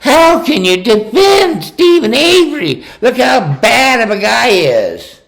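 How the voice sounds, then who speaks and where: Man putting on a shrill mocking woman. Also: big pitch swings, a little slow, gravelly, fairly bright tone, heavily acted. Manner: sarcastic, exaggerated whine.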